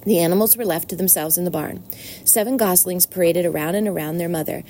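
A woman's voice: on the low side, brisk, warm tone. Woman reading a storybook aloud.

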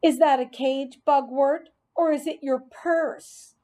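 A woman voicing a panicky, bullying schoolboy who shrieks in a high, frantic voice. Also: steady tone, slow pace, mellow. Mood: mocking.

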